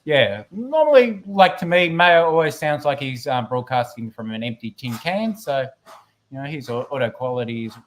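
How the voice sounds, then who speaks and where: With an expressive, medium-pitched voice at a moderate pace, a guest co-host chats casually on a live stream via a computer microphone. He rambles, teases himself and reads the chat aloud.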